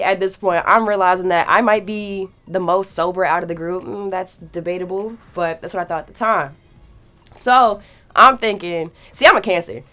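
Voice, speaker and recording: A young woman telling a story in a casual, animated way, acting out the quotes and swearing freely. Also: lowish voice.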